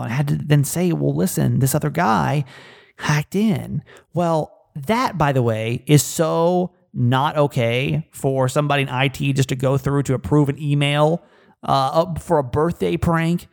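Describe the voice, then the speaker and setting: A man with a slightly high, gravelly voice tells a personal story in a loose, casual way. He rambles, restarts his sentences and leans on fillers as he goes. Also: unhurried.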